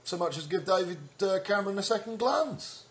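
A man co-hosting a deadpan comedy chat, ranting in mock outrage and slipping into silly voices. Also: high-pitched, a little fast. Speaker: comedy podcast co-host.

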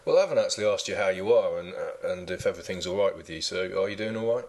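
A man's voice: deep voice, quick pace. A man hosting a comedy podcast, chatting with dry, teasing humor. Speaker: podcast host. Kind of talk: joking casual chat.

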